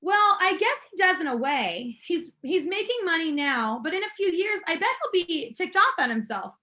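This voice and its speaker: A woman's voice: very high-pitched, very animated, normal speed, bright, forceful tone, voice pushed up, heavily acted. A woman reading aloud as a frustrated teenage boy who is fed up with school, speaking earnestly and with emphasis.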